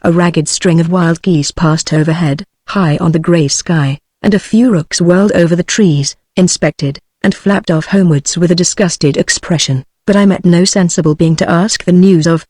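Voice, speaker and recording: A woman's voice: lowish voice, fairly even intonation, moderate pace, hardly any pauses, a little mellow, dry recording, studio quality, close to an everyday voice. A synthetic woman voice reading a cheerful otter. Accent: British English. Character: cheerful bold male otter.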